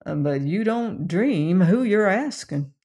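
A narrator voicing a laconic, steely gunfighter who speaks in a low, slow drawl in a western audiobook story. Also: animated, a little mellow. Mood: steely calm. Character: laconic cold gunman rider, calm and steely.

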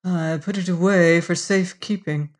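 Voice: medium pitch, fairly even intonation, moderate pace, close to an everyday voice. An audiobook narrator voicing a petulant, scheming devil who speaks in a fussy, pettish and mocking manner. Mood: pettish, sly. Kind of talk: audiobook reading.

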